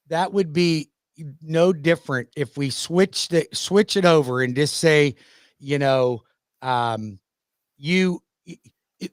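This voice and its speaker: A man's voice: fairly high pitch, no echo. Emphatic man, dry close sound. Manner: emphatic, confident explaining. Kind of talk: casual discussion.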